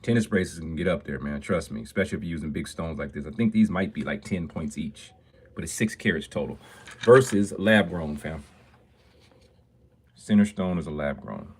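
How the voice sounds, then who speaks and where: A man's voice: low voice, fairly quick, breathy edge. A man, a jeweler, chatting casually and upbeat with viewers on a phone live stream from his shop. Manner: talkative and upbeat, greets viewers often.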